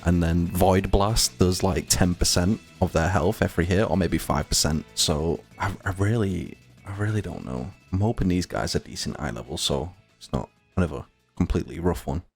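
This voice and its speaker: A man's voice: low-pitched, moderate pace, vocal fry, faint music behind. Flustered man commentating his gameplay live. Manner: rambling and flustered, with frequent swearing. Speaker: gamer streaming his play.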